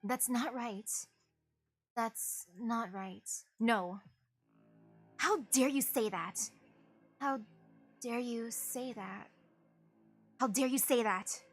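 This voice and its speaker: A woman's voice: fairly high pitch, slow pace, soft background music. A woman voicing a cold, accusing young woman investigator who speaks sternly while reading a game's story aloud.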